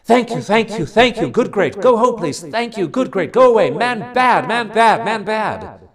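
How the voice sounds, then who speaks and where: High, strained little creature in a storybook reading, broken urgent phrases , voiced by a man. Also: expressive, a crowd in the background. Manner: halting, fragmentary phrases. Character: small telepathic animal, broken warning speech.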